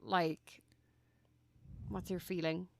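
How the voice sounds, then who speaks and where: A woman co-hosting a podcast in casual chat, talking in a thoughtful, drawn-out way with many fillers. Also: on the low side, flat delivery, gravelly. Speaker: podcast co-host.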